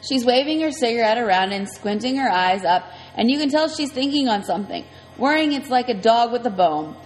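A woman's voice: a little high, lively intonation, fairly quick. A woman reading a first-person story aloud in a conversational, vivid way. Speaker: audiobook reader. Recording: long reverb, faint music.

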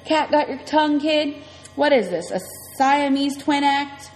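A woman voicing a menacing, burly male biker gang boss who talks in a gruff, taunting way. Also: sits high, animated, measured pace, pitched above the performer's own voice. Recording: long reverb, faint music.

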